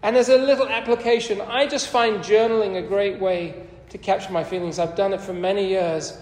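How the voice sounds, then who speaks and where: A man preaching a sermon, his voice sitting high and lifting further when he quotes scripture. He talks in an earnest, conversational way. The recording is roomy, with a long reverb from the church hall. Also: steady tone, a little fast, a little mellow.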